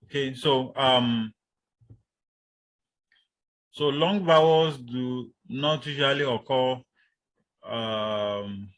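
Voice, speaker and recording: A man lecturing university students, speaking deliberately, with many fillers and repeating his key points. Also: medium pitch, fairly bright tone, low-quality recording.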